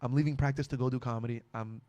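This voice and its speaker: A young man, a comedian, telling animated stories on a casual podcast and laughing often. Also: medium pitch, fast talker, no room sound. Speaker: comedian guest.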